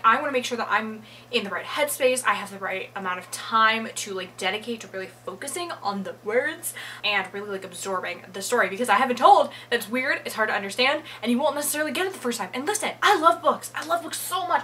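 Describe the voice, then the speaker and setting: A woman's voice: a little high, sharp tone, slight background noise, poor audio. A young woman chatting casually in her reading vlog at home, swearing freely and laughing often. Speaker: book vlogger.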